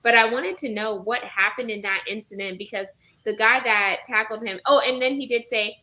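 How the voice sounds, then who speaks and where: A woman's voice: fairly high pitch, steady tone, moderate pace, pushed and bright, rough recording. A woman, a podcast guest chatting on a video call, telling a story animatedly with many fillers. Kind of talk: casual chat.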